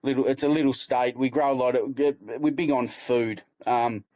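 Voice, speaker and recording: A man from Tasmania with an Australian accent, a guest comedian chatting in a relaxed, easygoing way. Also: medium pitch, normal speed, no room sound. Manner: relaxed, easygoing, says "mate" often. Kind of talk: casual interview chat.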